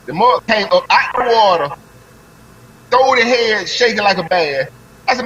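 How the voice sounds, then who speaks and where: Excitable high-voiced man telling a story. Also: normal speed, muffled recording, faint music behind. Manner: excitable storyteller, heavy slang. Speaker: guest on a live stream. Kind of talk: animated fishing story, casual chat.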